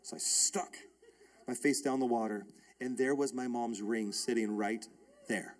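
A pastor in his thirties delivers a sermon centered on a personal story, speaking animatedly and emphatically and repeating phrases. His voice sits in the mid range and moves a little slowly.

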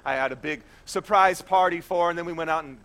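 A man in his thirties preaching a sermon, telling a personal story in a chatty, animated way with many restarts. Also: a little high, quick pace. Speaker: pastor.

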